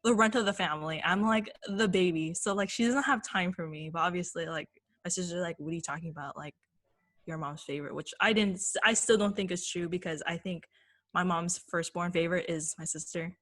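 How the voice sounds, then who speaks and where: A young woman co-hosting a podcast, telling a story in lively, filler-heavy casual chat. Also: on the low side, a little fast. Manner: animated storytelling, many "like" fillers. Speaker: podcast co-host.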